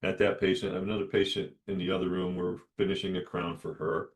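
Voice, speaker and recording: Male dentist host, low-ish voice, animated solo storyteller who voices the people in his tale. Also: fast. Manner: animated, acts out dialogue in lively voices.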